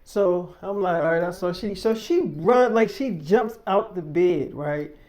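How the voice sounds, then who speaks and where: A man's voice: high voice, darkish tone. A man telling a personal story in a casual, blunt and profane way. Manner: blunt, profane, rapid retelling.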